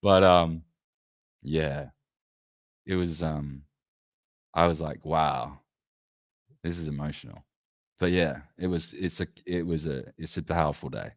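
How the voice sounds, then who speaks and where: A man's voice: extremely low pitch, a little slow, long pauses, no room sound, clean studio sound. A man hosting a casual livestream, rambling loosely and swearing as he chats with his viewers. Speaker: livestream host.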